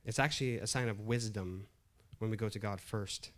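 A man's voice: lowish voice, moderate pace. A middle-aged man preaching a sermon in a conversational way, often restarting phrases and building emphasis. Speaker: pastor.

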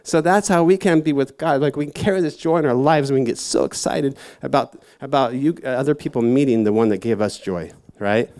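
A man's voice: mid-range voice, fairly quick, hardly any pauses, darkish tone. Man in a mid register, preaching loosely to young people, meandering and self-deprecating. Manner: rambling and self-mocking, lots of fillers. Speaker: youth church speaker. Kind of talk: casual sermon talk.

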